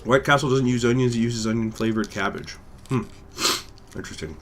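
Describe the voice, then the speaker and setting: A man's voice: medium pitch, fairly quick, slight background noise. A man hosting a gaming channel, chatting casually and rambling to his viewers in an offhand, profane way. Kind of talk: casual chat to live viewers.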